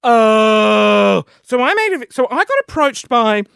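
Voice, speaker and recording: A man's voice: very high voice, big pitch swings, bright, forceful tone, clear, resonant tone, no room sound. Male podcast host, solo chat, rambling and self-deprecating, sniffs between lines, dry close mic. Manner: rambling, self-mocking, quick asides; audible sniffing between phrases.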